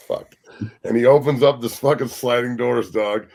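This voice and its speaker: Husky, profane man telling wild stories. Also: mid-range voice, unhurried. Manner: profane, animated, acts out quotes. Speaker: former pro football player telling stories as a guest. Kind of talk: casual storytelling on a sports talk show.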